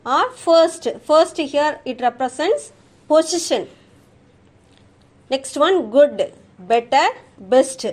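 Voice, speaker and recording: Slow, high-voiced Indian English teacher. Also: female voice, animated. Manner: slow, drilling recitation of word forms. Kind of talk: classroom grammar lesson, reading word lists aloud.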